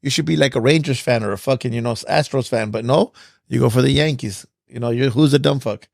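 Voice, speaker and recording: Male boxing coach, quick blunt profane talker, gravelly voice, dry sound. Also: mid-range voice, no room sound. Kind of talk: casual podcast chat.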